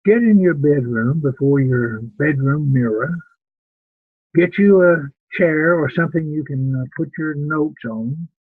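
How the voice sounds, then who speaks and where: A man's voice: a little high, measured pace, husky, dry recording. An older man teaching preaching students in an earnest, plain-spoken way, often repeating words as he thinks. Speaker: preaching instructor. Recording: tinny phone-like sound.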